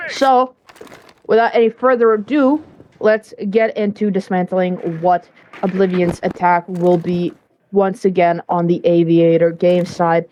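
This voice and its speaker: A woman's voice: fairly low pitch, a little mellow, slight background noise, poor audio. A woman casting a live esports match, talking through the play in a chatty, casual way with frequent fillers. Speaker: esports caster.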